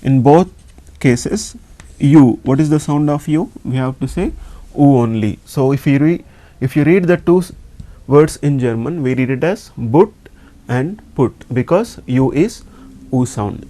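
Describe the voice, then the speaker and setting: A man with an Indian English accent teaches a lesson at a very slow, unhurried pace. His voice is mellow and dark, and he repeats each sound patiently, asking his listeners simple questions as he goes. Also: mid-range voice. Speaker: language teacher.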